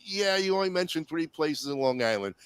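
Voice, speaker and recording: Dry, lively joking show host man. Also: fairly high pitch, fairly quick, clear, resonant tone, no echo. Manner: joking, laughs often. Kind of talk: casual livestream chat.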